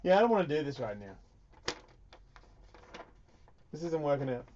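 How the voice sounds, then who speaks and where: A man's voice: fairly high pitch, sing-song, unhurried, lo-fi sound, a little hiss or hum. A man hosting a radio talk show, rambling and swearing through crude banter. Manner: profane, rambling, loud bursts of laughter.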